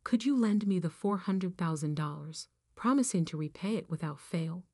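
A woman's voice: on the low side, lively intonation, moderate pace, darkish tone, no room sound, clean studio sound. A woman voicing a remorseful older mother-in-law who apologizes and begs. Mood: pleading. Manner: apologetic, begging.

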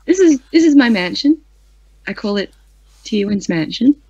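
A woman's voice: a little high, very animated, moderate pace, mellow, slightly rough, no echo. Giggly, rambling woman player, dull sound. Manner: rambling and giggly, full of likes. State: tired. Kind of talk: playing a tabletop game in character.

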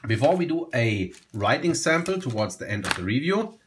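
A man's voice: medium pitch, normal speed, slight background noise. Man casually reviewing a fountain pen. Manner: relaxed, enthusiastic, repeats himself and restarts phrases.

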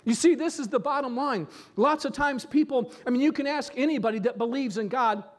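A man with a strikingly high voice preaches to his congregation. He pleads and presses his points earnestly, restarting and repeating phrases to drive them home. Now and then he stops to ask the listeners for an amen. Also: fairly quick. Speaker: pastor. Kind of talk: sermon.

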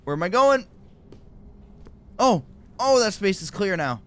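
A man's voice: high-pitched, big pitch swings, unhurried, a bit bright. Jumpy nervous man playing a horror game. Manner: jumpy, nervous reactions, frequent exclamations. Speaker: gaming YouTuber. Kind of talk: horror game let's play commentary.

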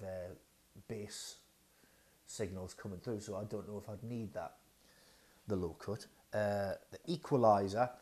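A man's voice: lowish voice, a little mellow. A man casually reviewing new audio gear at home, thinking aloud with lots of fillers and hesitations, recorded through a wireless radio mic in a dining room. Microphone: wireless radio mic under test.

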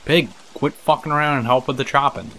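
A man's voice: mid-range voice, fairly even intonation, brisk, bright, forceful tone, slight background noise. A man giving casual let's-play commentary, chatting to the characters on screen, laughing and swearing as he plays. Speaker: gameplay commentator.

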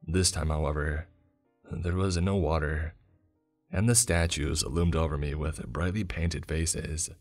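A man reading a first-person horror story as scripted narration, in a steady, measured storytelling manner. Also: rumbling low, soft background music.

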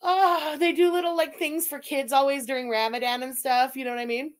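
Woman streamer cackling thru crude roast chat, really high voice. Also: fairly even intonation, fairly quick. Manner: giggly, crude and mocking, laughs often. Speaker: livestream host. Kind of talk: casual livestream commentary.

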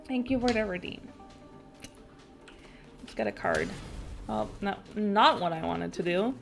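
A woman's voice: medium pitch, huge pitch swings, unhurried, gravelly, fairly bright tone, soft background music. A young woman streaming a video game, chatting casually, swearing and laughing as she reacts to the play. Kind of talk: casual gaming stream chat.

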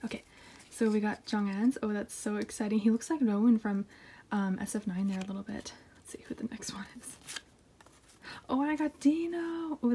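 Sitting on her floor at home, a young K-pop collector vlogger unboxes her haul in casual chat, her mid-range voice gushing and excitable, now and then falling to a whisper. There's a little hiss or hum on the recording.

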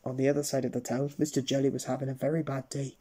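A man's voice: medium pitch, level tone, fast, mellow, husky. A man reading a children's story aloud in a playful storytelling manner. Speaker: storybook reader.

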